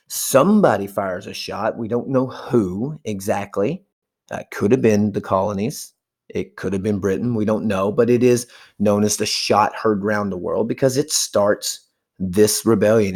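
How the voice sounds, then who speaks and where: A man's voice: lowish voice, darkish tone. A man giving a casual history lecture, chatting and briefly acting out historical figures. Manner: chatty, acts out historical figures in quick asides. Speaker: history teacher.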